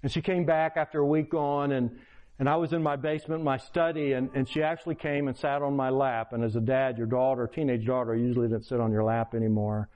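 A man's voice: medium pitch, steady tone, brisk. An older man preaching a sermon as a pastor, earnest and pleading, telling stories to make his point. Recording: dull lo-fi recording.

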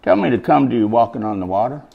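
A man's voice: mid-range voice, expressive, fast, gravelly, narrow, tinny audio. A middle-aged man preaching an informal, slangy sermon at a recovery meeting, shifting from easy talk to emphatic bursts.

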